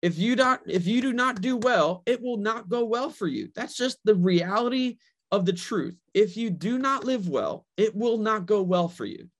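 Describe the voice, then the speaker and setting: A male pastor preaching with growing fervor. His voice sits a little high for a man, and he keeps repeating key lines and asking "right?". He puts God's words into casual, everyday speech. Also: lively intonation, normal speed. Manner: paraphrases God in a casual voice. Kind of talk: sermon.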